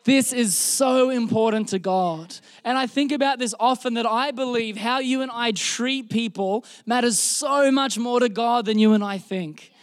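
A young Australian man preaching a sermon, telling a story in an animated, self-deprecating way, often restarting his sentences. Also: very high-pitched, moderate pace, few pauses, smooth, no echo. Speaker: pastor. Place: church service.

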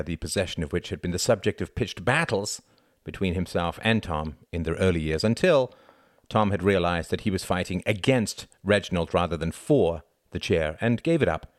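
A man reading a novel aloud as an audiobook narrator, in measured, even storytelling. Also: sits low, no room sound, studio quality. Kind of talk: scripted narration.

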